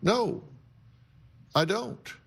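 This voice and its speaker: A man's voice: high-pitched, drawn-out words, vocal fry, a bit bright, breathy edge. An older man hosting a talk show, counseling guests in a blunt, emphatic, lecturing way.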